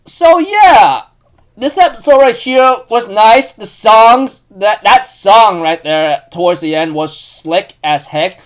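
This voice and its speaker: A man giving a casual recap of an anime episode, excitable and rambling, with lots of "you know" fillers. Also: high voice, slow pace.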